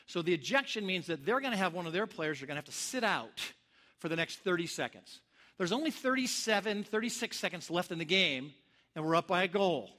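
A man delivers a sermon in a high, bright voice. He tells his stories with animated energy and acts out the lines of the people in them. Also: brisk. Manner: animated storyteller, acts out shouts and quotes. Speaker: pastor. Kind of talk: sermon with storytelling.

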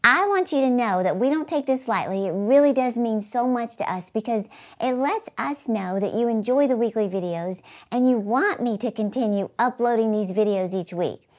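A woman hosting her channel, giving an upbeat, emphatic faith-based motivational talk and asking the viewer rhetorical questions. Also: fairly high pitch. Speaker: inspirational speaker and channel host.

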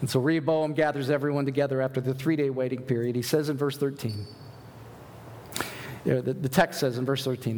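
A male pastor giving an animated sermon, asking rhetorical questions and reading scripture aloud. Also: mid-range voice, brisk, big-room sound.

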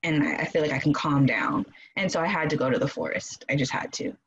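A woman casually telling a personal story in an animated way, acting out quoted voices and laughing often. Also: deep voice, quick pace, dull audio, slight background noise. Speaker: guest telling her birth story.

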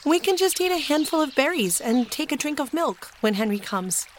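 A woman voicing an eager, cheerful young girl in a storybook reading, pitched high. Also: sing-song, normal speed, slight background noise. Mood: reassuring.

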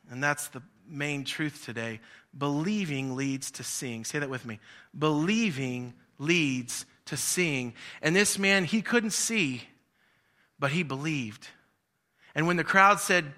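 A man's voice: on the high side, pushed and bright. A man preaching a sermon in a conversational, storytelling way, acting out the voices in his stories. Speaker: pastor.

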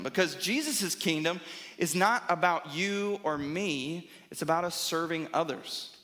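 A man's voice: fairly high pitch, expressive, a little slow, pushed and bright. A man preaching a sermon as a pastor, emphatic and rhythmic, often checking in with "right?". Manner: emphatic, repeats phrases for rhythm, asks "right?".

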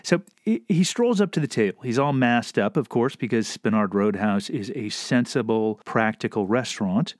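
A male podcast host delivers biting, profane commentary with a sarcastic edge. His pitch jumps around in a lively, animated way. The sound is dry and close, with no room echo. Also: moderate pace, few pauses.

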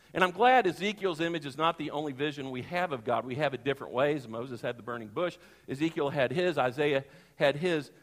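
Higher-voiced male preacher in a reverberant hall. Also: fairly bright tone. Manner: conversational, emphatic, asks the congregation questions. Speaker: pastor. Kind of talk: sermon. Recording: long reverb of a large hall.

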